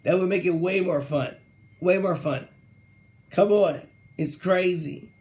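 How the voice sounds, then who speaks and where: A young man hosting a sports talk show, ranting casually with slang, laughing mid-sentence and mocking quoted players in a lower voice. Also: unhurried, a little mellow. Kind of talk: casual solo sports rant.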